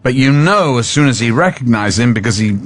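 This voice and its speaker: A man's voice: mid-range voice, animated, fairly quick. A man in his sixties, a guest actor on a talk show, telling stories in a chatty, amused way. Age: 60s. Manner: chatty, amused, slips into character voices. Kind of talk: casual interview storytelling.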